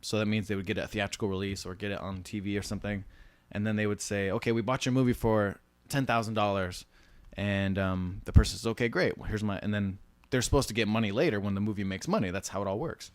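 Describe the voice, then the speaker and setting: Animated storytelling man, dry close sound. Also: lowish voice, quick pace, few pauses, no room sound. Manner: animated storyteller, mimics people in quotes. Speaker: podcast co-host. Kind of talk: casual chat about the film business.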